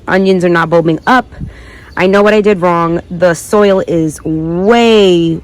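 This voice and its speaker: Slow-talking woman touring her backyard garden. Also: fairly low pitch, darkish tone. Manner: chatty and rambling, thinks aloud, self-corrects. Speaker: gardening vlogger. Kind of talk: casual garden tour vlog.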